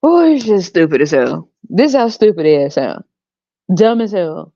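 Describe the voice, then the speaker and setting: A blunt woman podcast host who rants with sarcasm and frequent swearing. Her voice sits low and dark, with lively swings in pitch. The sound is dry, dull and lo-fi. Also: moderate pace, no echo. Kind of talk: casual podcast rant.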